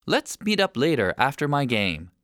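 A man's voice: medium pitch, wildly swooping pitch, moderate pace, fairly bright tone, dry recording, studio quality. Man voicing Antonio, impatient teenage boy. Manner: impatient, bossy explaining. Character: sixteen-year-old boy musician, busy and impatient.

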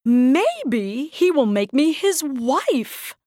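A woman's voice: sits high, very animated, very slow, a little mellow, dry recording, clean studio sound, voice pushed up, exaggerated voice. A woman voicing mean, bossy young stepsisters in a read-aloud storybook.

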